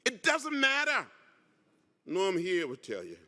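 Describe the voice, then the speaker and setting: An older man in his seventies delivers a stirring keynote in a large conference hall, his voice high and bright with sweeping swings of pitch. He builds his lines in a rhythmic, repeating, preacher-like cadence, and the long reverb of the room rings behind him. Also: wildly swooping pitch, slow. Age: 70s. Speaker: keynote speaker. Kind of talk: impassioned speech.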